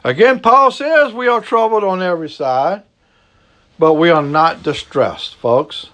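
A man with a Cajun accent from the American South, preaching a sermon with emphatic repetition and sudden low, slow drops for emphasis. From Southern United States. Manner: emphatic preaching, repeats key phrases, drops to a low slow hush for stress. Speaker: pastor.

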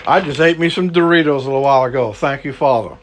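A man's voice: mid-range voice, fast talker, a little hiss or hum. A man preaching a sermon, earnest and repetitive, stretching words for emphasis.

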